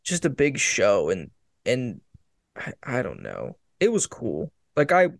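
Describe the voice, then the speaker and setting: A man's voice: mid-range voice, wildly swooping pitch, slow pace, creaky, no echo, clean studio sound. A man chatting casually about sports, rambling and restarting his sentences with emphatic bursts.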